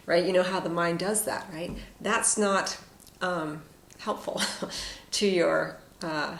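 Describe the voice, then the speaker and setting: A woman giving a casual, reflective spoken tarot reading with frequent fillers and soft asides. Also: fairly low pitch, fairly even intonation, unhurried, hardly any pauses. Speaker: tarot card reader. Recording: echoey room with faint noise.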